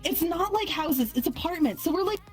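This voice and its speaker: A woman's voice: extremely high pitch, expressive, brisk, over music, poor audio. A woman telling casual stories in a social VR game, cursing freely and laughing as she talks. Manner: swears freely, laughs through her stories. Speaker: guest answering questions. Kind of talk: casual storytelling. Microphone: headset in a social VR game.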